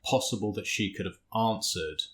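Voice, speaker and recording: A man's voice: fairly low pitch, normal speed. A man hosting a casual podcast chat, chiming in with short replies and probing follow-up questions. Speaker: podcast host.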